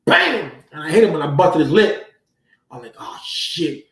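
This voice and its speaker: A man's voice: fairly high pitch, very animated, normal speed, a bit bright, far from the mic. A man hosting a casual livestream, telling stories in loose, profane street slang from a room at home. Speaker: livestream host. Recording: roomy echo.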